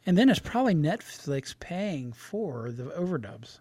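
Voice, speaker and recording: Co-host guy, higher voice that bounces around a lot, dry sound, wry quips. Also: very animated, unhurried, mellow, slightly rough, no room sound. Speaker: podcast co-host. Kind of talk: casual chat.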